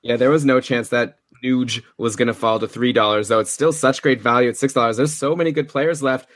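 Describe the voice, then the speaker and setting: A man's voice: mid-range voice, steady tone, a bit bright, dry recording. Chatty upbeat man, dry close mic. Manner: chatty, upbeat, quick asides. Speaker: podcast host. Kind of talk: casual commentary on a fantasy hockey draft.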